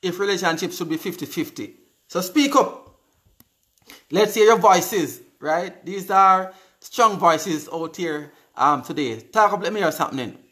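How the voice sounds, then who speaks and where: Jamaican male host in his forties, high-pitched, chatty and upbeat, reads out viewer comments live. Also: unhurried, sharp tone. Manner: upbeat, chatty, repeats words, answers comments aloud. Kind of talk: casual live-stream chat, reading viewer comments.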